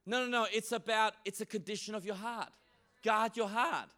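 A man preaching a sermon in a church, lively and humorous, often acting out the voices of the people he quotes. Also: high voice, moderate pace. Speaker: pastor.

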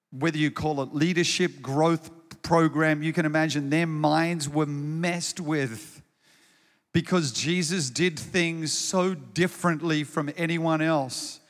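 A man's voice: fairly high pitch, big-room sound. A man preaching a sermon as pastor, in a conversational way that often repeats words as he starts a thought.

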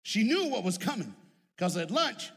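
A man preaching a lively, humorous sermon with call-and-response to his congregation, heard with long reverb in a church. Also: high-pitched, moderate pace, gravelly, slightly rough.

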